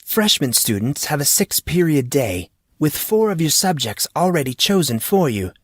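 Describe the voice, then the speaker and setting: A man's voice: fairly high pitch, big pitch swings, normal speed, no echo, clean studio sound, pitched above the performer's own voice. A man reading audiobook dialogue as a formal, courteous male history teacher who speaks precisely and is amused. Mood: explaining.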